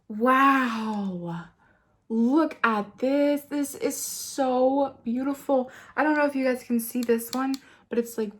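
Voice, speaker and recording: A young woman vlogging a beauty unboxing, gushing and tearful with excitement, talking straight to the camera. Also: on the high side.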